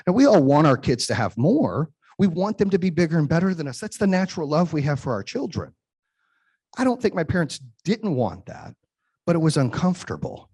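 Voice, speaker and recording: A man's voice: mid-range voice, a little mellow, husky, no echo. A man in his forties giving a motivational keynote speech, telling stories with emphasis and frequent "right?" tag questions. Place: event stage before a live audience.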